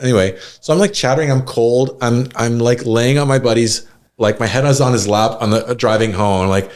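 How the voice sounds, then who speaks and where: A man's voice: mid-range voice, animated, a little fast. A man, a podcast guest, telling casual stories full of fillers and restarts. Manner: rambling storyteller with many fillers. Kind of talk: casual chat.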